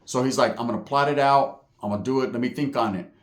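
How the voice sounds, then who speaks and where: Speaking at a quick pace in a mid-range voice, a Californian man recounts prison life, his voice sounding roomy. He tells it in casual street slang, heavy on profanity and sprinkled with "right?" asides.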